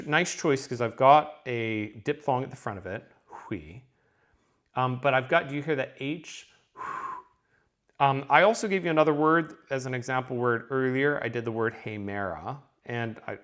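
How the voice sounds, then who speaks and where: A man teaching a lesson, speaking at an ordinary middle pitch for a man. He explains step by step, pausing often with "um" and checking in with "okay?". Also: a bit bright. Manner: explanatory, with frequent ums and checking okays. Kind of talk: recorded lesson.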